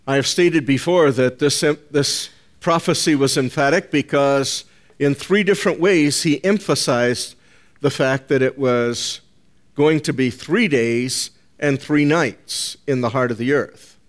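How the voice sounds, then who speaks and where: A man of medium pitch gives a deliberate, emphatic sermon to his congregation. Key phrases recur throughout, and he calls the people listening "folks."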